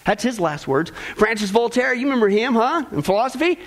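Guy with a really high voice preaching hard, keeps repeating himself, talks right at the folks. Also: animated, brisk, low-quality recording. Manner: emphatic, repeats phrases, addresses folks directly. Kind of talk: sermon.

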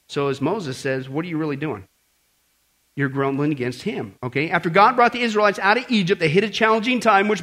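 Lively, high-voiced preaching man. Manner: animated, conversational, full of rhetorical questions. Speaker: pastor. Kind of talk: sermon. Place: church service before a congregation.

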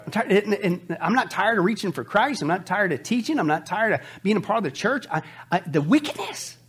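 A man preaching with a high, lively voice that swoops up and down. He is a middle-aged pastor, animated, full of rhetorical questions and quick jokes. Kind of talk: sermon.

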